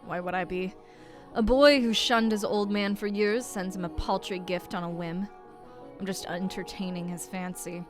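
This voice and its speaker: A woman's voice: medium pitch, steady tone, moderate pace, over music, lightly acted. A woman voicing a proud, sardonic elderly grandfather in a visual novel game, putting on a shaky British-style accent as she reads his lines. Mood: scoffing. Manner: mock-British, blustery and grumbling.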